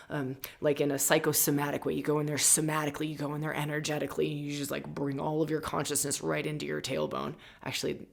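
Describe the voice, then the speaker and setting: Fired-up, gravelly woman in her forties. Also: low-pitched. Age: 40s. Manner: fervent, swears freely, keeps asking "right?". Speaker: astrologer and membership host. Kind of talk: casual spiritual talk.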